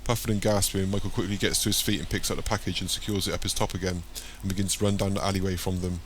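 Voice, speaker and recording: A man narrating an audiobook in a plain, steady reading voice. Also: deep voice, fast talker, a little hiss or hum.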